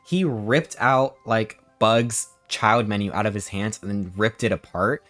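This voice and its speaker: A man's voice: on the low side, unhurried, faint music behind. Sarcastic man recapping a trip. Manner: sarcastic, animated storytelling. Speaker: streamer. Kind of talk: casual stream recap.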